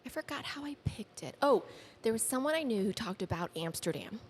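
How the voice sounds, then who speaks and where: A woman guest on a podcast telling personal stories in a chatty, animated way, acting out quoted dialogue with many fillers. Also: a little fast, slight background noise. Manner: animated, acts out quoted dialogue with lifted pitch. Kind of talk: casual conversational storytelling.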